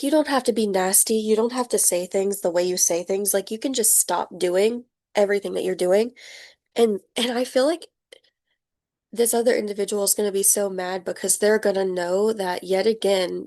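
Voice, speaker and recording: A young woman giving a casual tarot reading, chatty and animated, laughing often and acting out the people she describes. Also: medium pitch. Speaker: tarot reader.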